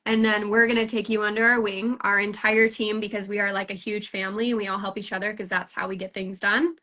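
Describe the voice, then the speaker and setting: A woman's voice: medium pitch, level tone, quick pace, bright, forceful tone. A woman hosting a casual recruiting chat for a sales team, upbeat and rambling, full of fillers and restarts.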